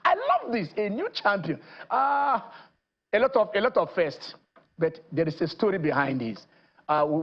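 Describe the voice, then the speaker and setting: A man from Nigeria hosting a TV sports show, lively and rambling, with lots of fillers and restarts. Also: a little high, lo-fi sound. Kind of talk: TV sports show chat and interview. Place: TV studio.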